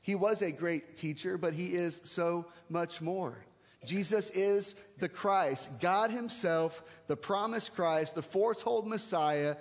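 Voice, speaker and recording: A man preaching a sermon as pastor, conversational and emphatic, slowing down and speeding up to stress his points. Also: a little high. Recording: long reverb of a large hall.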